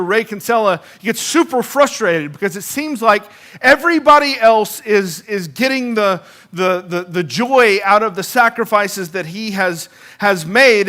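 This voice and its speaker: A man delivers a sermon in a high, bright voice. He speaks loosely and conversationally, often repeating a word before he finds the next one. Emphatic peaks give way to low, hushed finishes. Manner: conversational preaching with frequent repetitions and restarts. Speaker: pastor.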